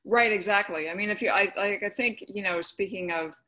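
A woman's voice: mid-range voice, sharp tone. Hesitant woman interviewer. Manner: halting, hesitant questions. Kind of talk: conversational interview.

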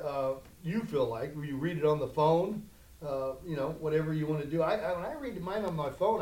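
A male pastor preaching a conversational sermon that swells into loud, emphatic challenges, in a church sanctuary. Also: sits high. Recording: echoey room.

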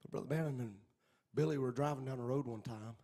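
A man preaching a fiery sermon. He chants in a sing-song cadence, builds to shouts, then drops into quiet storytelling. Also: mid-range voice, fast talker, gravelly.

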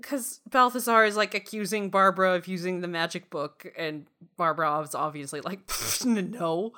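Bright-voiced sarcastic woman laughing. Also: lowish voice, fairly even intonation, fairly quick, clear, resonant tone. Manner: sarcastic, laughing, swearing, acts out characters. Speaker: podcast co-host. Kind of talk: casual film review chat.

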